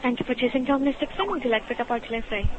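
A woman answering a pizza shop's phone over a call, brisk and growing flustered. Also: fairly high pitch, phone-quality sound, a little hiss or hum. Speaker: pizza shop worker. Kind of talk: phone customer service. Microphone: phone line.

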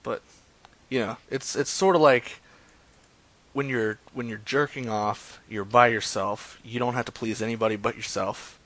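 A man's voice: medium pitch, steady tone, normal speed, fairly bright tone, no echo. A man hosting a live stream, chatting in a rambling, crude, joking way between prank phone calls. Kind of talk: casual profane streaming chat.

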